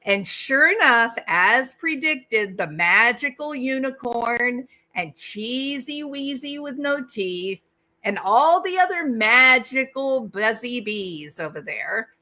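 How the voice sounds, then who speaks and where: Slow, bright-voiced woman commentator. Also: a little high, lively intonation. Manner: rhetorical, keeps asking the listener "right?"; acts out quoted dialogue in changed voices. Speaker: channel host. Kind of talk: true-crime commentary monologue.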